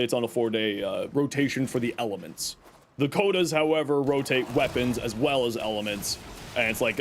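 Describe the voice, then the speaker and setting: A man's voice: mid-range voice, a little hiss or hum. A man streaming a game live, answering chat questions and walking viewers through menus, hedging with frequent fillers. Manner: hedging, unsure of old details.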